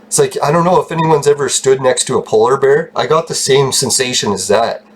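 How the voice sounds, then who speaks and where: A man with a slightly husky voice rambles through a story for his channel. He swears constantly and talks with excited energy, laughing as he goes. His pitch sits in an ordinary middle range. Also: a little fast. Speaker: channel host telling a story. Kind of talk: casual storytelling vlog.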